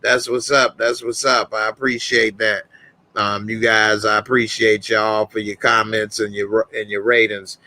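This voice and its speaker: A man's voice: fairly low pitch, little pitch movement, a little slow, sharp tone. A man hosting a live reaction stream, casually reading out viewer comments and ratings in a laid-back, chatty way.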